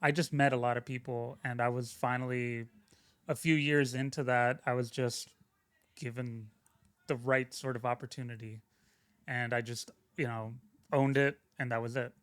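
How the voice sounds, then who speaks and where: A man's voice: medium pitch, steady tone, moderate pace, clean tone, no room sound. Male podcast guest, loose rambling storyteller, dead-dry booth sound. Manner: rambling, self-interrupting, frequent "like" fillers. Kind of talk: casual conversational storytelling.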